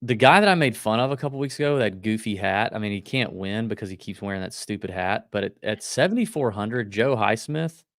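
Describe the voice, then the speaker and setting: A man with a low, gravelly voice co-hosts a golf betting show. He talks quickly and loosely and cracks jokes. The sound is dry and close, with no room around it. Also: lively intonation, fairly bright tone, no echo. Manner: quick, loose, joking delivery. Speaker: podcast co-host. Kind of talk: casual golf betting chat.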